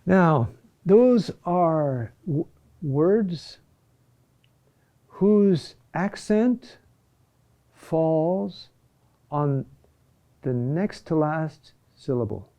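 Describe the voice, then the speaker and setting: A man teaching a class on chant, slow and halting, often repeating key words and checking in with "huh?". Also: a little high, expressive, warm tone. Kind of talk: classroom lecture.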